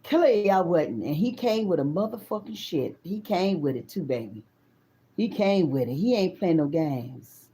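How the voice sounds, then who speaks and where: A woman in her fifties, a tarot reader, telling a personal story in a blunt, profane, animated way and speaking straight to her viewers. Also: on the low side, moderate pace.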